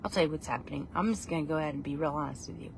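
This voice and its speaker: A woman hosting a casual live video on her phone, talking in an excitable, rambling way. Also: low voice, racing, gravelly, slight background noise. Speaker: live-stream host. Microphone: phone camera.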